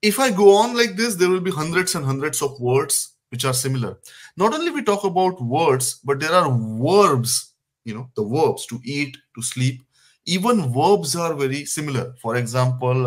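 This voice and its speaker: A man's voice: a little high, very animated, moderate pace. Indian man teaching French, upbeat. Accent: Indian English. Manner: encouraging, drills vocabulary by calling out words. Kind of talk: live online lesson answering viewers.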